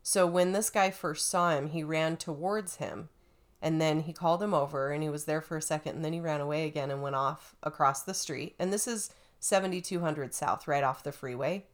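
A woman telling a story in a casual chat, animated and acting out the quotes. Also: low voice, fairly quick.

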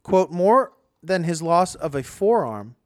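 A man co-hosting a comedy podcast, reading a news item slowly and deliberately. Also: on the high side, very animated. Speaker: podcast co-host.

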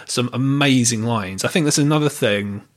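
A man's voice: mid-range voice, normal speed. Hesitant man chatting about films. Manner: hesitant, many fillers and restarts. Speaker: podcast host. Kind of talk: casual film discussion.

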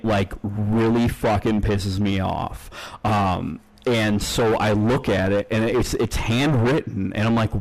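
A man's voice: on the low side, darkish tone, rough recording. A man co-hosting a podcast, telling a long story in casual chat, rambling with lots of fillers and frequent swearing. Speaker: podcast co-host.

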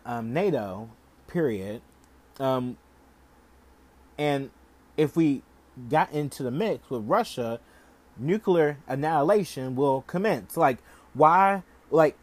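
A man's voice: mid-range voice, a little mellow. A young man hosting a podcast, ranting in heated, casual commentary full of "like" and profanity. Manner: heated, profane, heavy use of "like". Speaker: podcast host.

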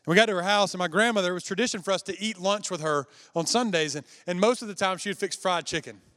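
A man's voice: sits high, quick pace, pushed and bright. A man preaching a sermon, telling a personal story in a conversational way and speaking directly to the congregation. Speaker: pastor.

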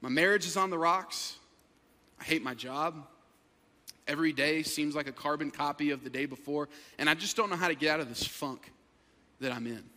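A man voicing a discouraged man stuck in a rut, who speaks low, subdued and hesitant. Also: normal speed, pushed and bright, big-room sound. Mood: downcast.

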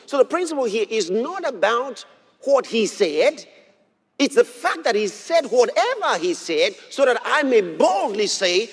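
A man preaching a sermon, reading scripture aloud and repeating key phrases with emphasis, sometimes bursting into shouts. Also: very high voice, slightly rough. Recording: long hall reverb.

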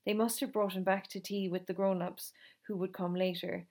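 A woman reading a novel aloud in a calm, steady storytelling manner. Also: mid-range voice, moderate pace. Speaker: reader.

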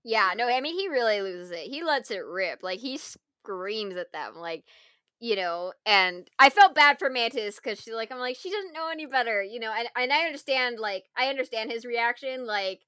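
A woman co-hosting a casual chat, retelling a film scene in an animated way, full of fillers and frequent laughter. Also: on the high side, normal speed, smooth, no echo.

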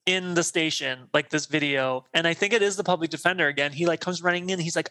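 Bright-voiced man recapping a movie. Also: a little high, fast, few pauses. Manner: animated storytelling, acting out lines of characters. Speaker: podcast co-host. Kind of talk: casual movie recap chat.

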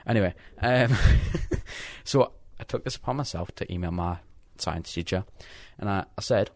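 A man's voice: low-pitched, normal speed, vocal fry, no room sound, clean studio sound. A teenage boy chatting casually, telling a rambling story full of swearing. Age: teens. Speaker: co-host. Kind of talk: casual chat.

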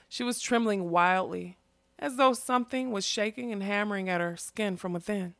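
A woman narrating a fantasy story in a steady, expressive reading. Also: mid-range voice, normal speed, no room sound. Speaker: audiobook narrator.

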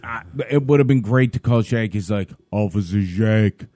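A man co-hosting a casual comedy podcast, giving dry, deadpan reactions. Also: mid-range voice, fairly quick, no room sound. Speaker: podcast co-host.

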